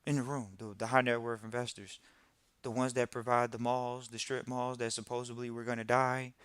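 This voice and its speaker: Bright, crisp-voiced man hosting a podcast. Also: mid-range voice, normal speed, no echo, clean studio sound. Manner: animated, mocking put-on quotes, repeats phrases for emphasis. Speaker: podcast host. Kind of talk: casual live-stream talk.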